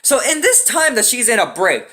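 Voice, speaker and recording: Animated young man ranting, bright voice. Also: extremely high pitch, normal speed. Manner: animated and profane, keeps tagging "right?". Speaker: storyteller. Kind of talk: casual storytime rant.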